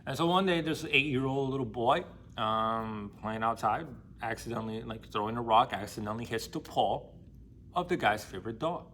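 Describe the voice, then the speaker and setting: A man's voice: mid-range voice, moderate pace, fairly bright tone, slight background noise. Young man, casual book vlogger, street-slang delivery, blunt and emphatic, swears freely. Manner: slangy, profane, emphatic storytelling. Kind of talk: casual retelling and commentary.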